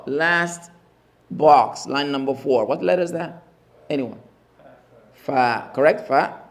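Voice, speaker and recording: A man teaching Arabic letters in a mosque class, slowly drilling each sound and repeating the spelling emphatically. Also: mid-range voice, animated. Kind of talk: classroom lesson.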